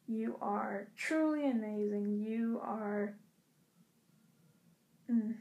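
A young woman vlogging from a hotel room, speaking in a halting, earnest way with many pauses and restarts. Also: mid-range voice, narrow, tinny audio. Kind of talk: casual heartfelt address to camera.

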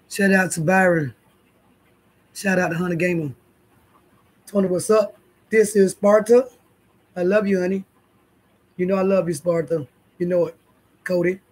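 A woman's voice: on the low side, breathy edge. A woman hosting her own vlog, talking straight to her viewers in a blunt, profane way. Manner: blunt, profane, addresses viewers and others directly. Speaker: YouTube channel host.

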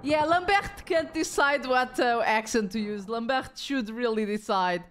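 A woman live-streaming a horror game, with excitable, jokey commentary and plenty of swearing. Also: a little high, measured pace.

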